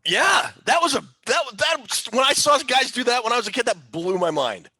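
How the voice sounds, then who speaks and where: A man's voice: extremely high pitch, lively intonation, normal speed, bright, forceful tone, breathy edge, no room sound, low-quality recording. A man co-hosting a casual sports podcast, recounting game plays in detail. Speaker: podcast co-host.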